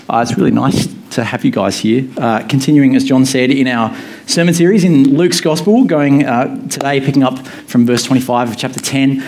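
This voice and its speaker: A man's voice: medium pitch, a little mellow. A man in his thirties, a pastor, giving a sermon in a casual, good-humoured way with many fillers. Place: church hall with echo.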